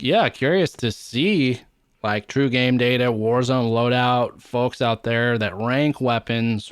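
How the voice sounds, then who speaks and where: A man's voice: medium pitch, no echo, clean studio sound. A man co-hosting a casual gaming podcast, talking in a chatty, rambling way and listing weapons at length. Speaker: podcast co-host.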